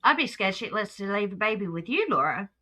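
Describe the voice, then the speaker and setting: A woman's voice: medium pitch, big pitch swings, brisk, sharp tone. An Australian woman hosting a livestream, chatting casually and talking back at the clip she reacts to. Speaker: livestream host.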